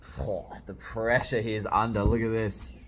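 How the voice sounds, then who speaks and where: Brief: young male reviewer, lowish voice, casual jokey read-along talk, faint room hiss. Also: level tone, normal speed. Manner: chatty, jokey, reacting while reading aloud. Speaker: manga reviewer.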